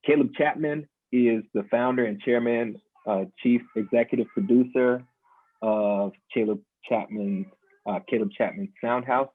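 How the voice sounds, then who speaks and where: A man co-hosting a panel, introducing the guests one by one in a steady, listing manner. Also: medium pitch, unhurried, no echo. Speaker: panel co-host. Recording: tinny phone-like line, dry.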